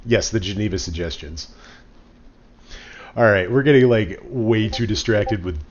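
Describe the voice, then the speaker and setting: Male game master, slow and dry, low voice, dull call audio. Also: slight background noise. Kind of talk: casual tabletop game chat.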